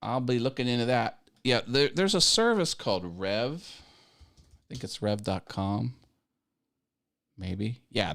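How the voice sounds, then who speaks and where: Guy chatting on his live show, rambles, trips over words, chuckles a lot. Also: medium pitch. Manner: rambling, self-interrupting, laughs at own jokes. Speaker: YouTube live show host. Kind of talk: casual live-stream chat.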